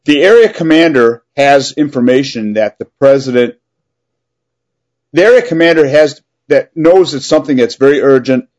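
Man, podcast co-host, casual chat, mid pitch. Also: expressive, normal speed, a little mellow. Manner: short agreeing replies.

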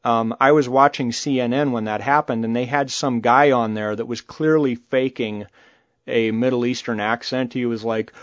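A man's voice: mid-range voice, moderate pace, no echo, dull audio. A man co-hosting a podcast, talking casually and bluntly, cursing freely. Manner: blunt, animated, swears freely. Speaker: podcast co-host. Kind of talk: casual political chat.

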